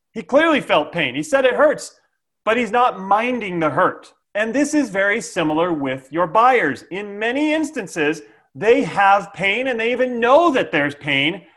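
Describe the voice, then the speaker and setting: Sales coach, male, slightly high pitch, animated and playful, frequent "okay?". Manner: lively, jokey, with frequent "okay?" check-ins. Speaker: sales trainer. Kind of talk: instructional sales talk.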